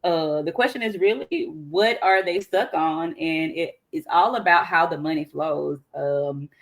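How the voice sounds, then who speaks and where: A woman's voice: deep voice, measured pace. Chatty Southern woman podcast host. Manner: chatty, colloquial, self-interrupting. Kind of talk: casual podcast commentary.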